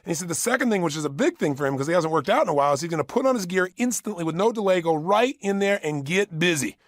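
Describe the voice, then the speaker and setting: Emphatic man coaching in a high voice. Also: expressive, quick pace, dry recording, studio quality. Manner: emphatic, repeats phrases for effect. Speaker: motivational speaker. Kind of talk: motivational audio program.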